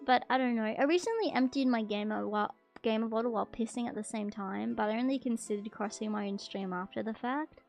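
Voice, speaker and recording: A woman VTuber streamer chatting casually with her viewers as she reads their confessions, breaking into excited gasps and loud protests. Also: on the high side, a little fast, gravelly, hardly any pauses, soft background music.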